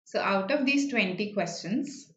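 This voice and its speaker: A woman's voice: medium pitch, expressive, unhurried, reverberant, dull audio. A woman with an Indian English accent teaching an exam-prep class online, explaining points and checking in with "okay" and "right". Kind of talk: online live class, answering student questions.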